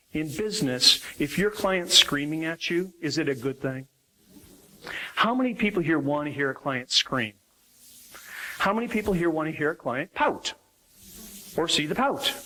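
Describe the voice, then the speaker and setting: A middle-aged man giving a live motivational talk on sales to an audience, animated and full of questions to the room. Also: on the high side, low-quality recording.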